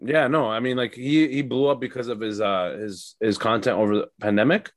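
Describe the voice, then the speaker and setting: A man's voice: medium pitch, brisk, no room sound. A young man, a stand-up comic, chatting casually on a podcast with lots of fillers and swearing. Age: young adult. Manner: loose, profane, rambling with many fillers. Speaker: stand-up comedian, podcast guest.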